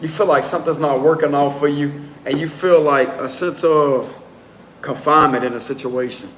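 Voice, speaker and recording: A slightly high-voiced man reads tarot cards live in a loose, slangy, easygoing way that keeps slipping into giggles. His voice bounces around a roomy space, with a faint hiss of noise underneath. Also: fairly even intonation, moderate pace, a bit bright. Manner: casual and slangy, prone to giggles. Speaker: tarot reader. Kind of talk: casual live tarot reading.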